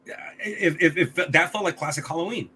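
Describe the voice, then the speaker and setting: A man's voice: fairly high pitch, brisk, pushed and bright, a little hiss or hum. A man co-hosting a podcast, reviewing a movie in casual chat, blunt and swearing often, with many restarts. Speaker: podcast co-host.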